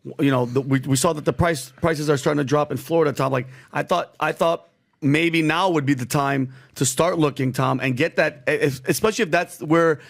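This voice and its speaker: A man asking the panel for advice, speaking haltingly with frequent restarts. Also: a little high, steady tone, gravelly. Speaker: audience member asking advice. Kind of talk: casual question.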